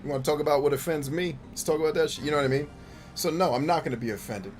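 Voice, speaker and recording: A man hosting a gaming show, talking bluntly and profanely in casual commentary while he plays, with quick jokey asides. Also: a little high, soft background music. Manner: laughs easily, jokey asides.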